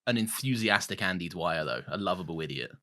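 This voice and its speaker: A man co-hosting a casual film-review podcast, jokey and animated, swearing freely. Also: deep voice, brisk. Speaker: podcast co-host.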